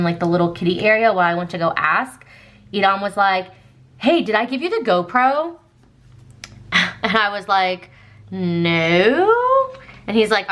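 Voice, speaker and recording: A woman's voice: medium pitch, sharp tone. Chatty woman telling a story. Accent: Southern American. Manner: chatty, many fillers, quotes others in dialogue. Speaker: planner vlogger. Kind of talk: casual storytelling while planning.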